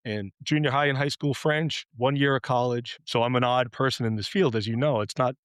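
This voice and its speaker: A man's voice: medium pitch, a little fast, a bit bright, clean tone, no echo. Candid man with a Long Island accent. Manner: candid, self-deprecating, frequent restarts. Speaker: guest, writer. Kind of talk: reflective interview conversation.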